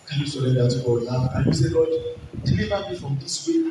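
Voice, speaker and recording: A man's voice: mid-range voice, wildly swooping pitch, fairly quick, dark tone. A man preaching an altar call, pleading and repeating his exhortations to pray and surrender. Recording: very echoey hall, distant mic, noisy.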